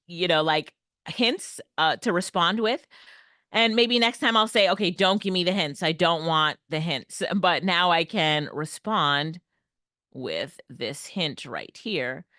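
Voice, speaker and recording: A woman's voice: lowish voice, pushed and bright, no room sound, clean studio sound. A woman presenting an online workshop on everyday AI tools, upbeat and laughing often. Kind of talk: online tech lesson. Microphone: headset or desk mic, video call.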